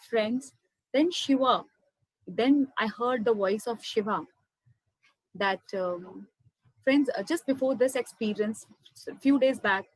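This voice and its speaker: A woman's voice: on the high side, dry recording, rough recording. A woman, emotionally telling a personal spiritual testimony and often calling her listeners friends. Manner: heartfelt, keeps addressing listeners as friends. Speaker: speaker sharing a spiritual testimony.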